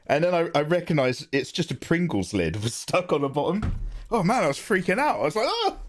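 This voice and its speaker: Lively, chatty man streaming. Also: a little high. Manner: chatty, rambling, quick to joke, reads chat aloud. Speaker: live-streaming digital artist. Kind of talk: casual livestream chat.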